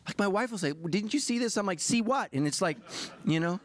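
A man's voice: high-pitched, lively intonation, brisk. A middle-aged man, a pastor, preaching a sermon in a confessional, self-deprecating way that builds to impassioned preaching.

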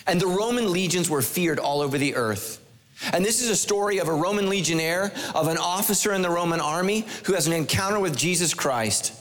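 A man preaching a sermon, animated and emphatic, with humor and rhetorical questions. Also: high voice, fairly quick. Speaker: pastor.

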